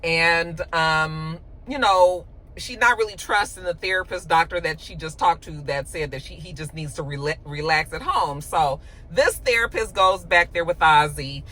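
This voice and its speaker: A woman host recapping a TV episode in casual chat, animated and profane, filling her lines with "you know.". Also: on the low side, normal speed, few pauses, poor audio.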